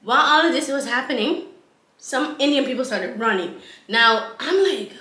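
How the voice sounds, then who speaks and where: A woman vlogger tells a story in a lively, animated way, often laughing and repeating herself for effect. Her voice is bright and a little high. The recording has an echoey room sound. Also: moderate pace. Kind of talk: casual storytime vlog.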